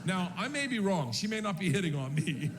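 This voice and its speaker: A man doing stand-up storytelling, animated and loud, shouting his punchlines, on a noisy live recording. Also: high voice, fairly quick. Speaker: stand-up comedian.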